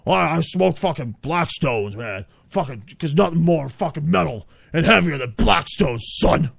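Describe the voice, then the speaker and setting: A man's voice: on the high side, lively intonation, moderate pace, gravelly, fairly bright tone, no echo, studio quality, full character voice. A man voicing a crude, boastful, chain-smoking metalhead man who swears constantly and calls everyone son. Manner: profane, drawling, boastful.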